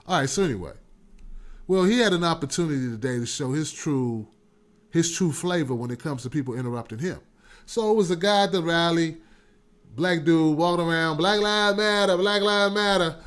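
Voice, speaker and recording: A man hosting his own call-in talk show, speaking loose, irreverent and full of slang. His voice sits fairly high for a man, and he riffs casually as if chatting with viewers. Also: fairly quick. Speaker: host of a call-in commentary show.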